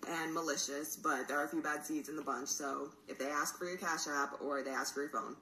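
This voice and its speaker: Bright-voiced young woman telling a story. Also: low voice, fairly quick, echoey room, far from the mic, a little hiss or hum, poor audio. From Atlanta area. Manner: animated, acts out quotes, laughs often. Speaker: storyteller on a podcast. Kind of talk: casual storytime chat.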